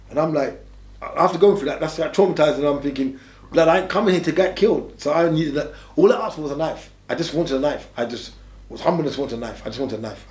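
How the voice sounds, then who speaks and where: A man from England, an interview guest, tells stories casually in fast, streetwise slang and keeps hammering points with repeated phrases. His voice sits at medium pitch with a darkish tone, and the room is echoey.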